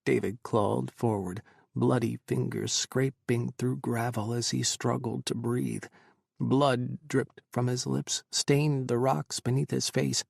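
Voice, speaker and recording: Gravelly male audiobook narrator. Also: medium pitch, level tone, slow, no room sound, clean studio sound. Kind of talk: scripted narration.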